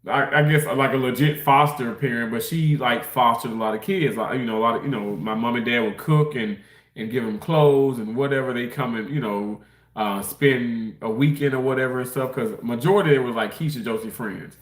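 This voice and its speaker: A fairly quick, mid-range male voice comes through an echoey room. He's a Mississippi livestreamer who eats while he chats loosely, laughing often, rambling and reading out chat messages.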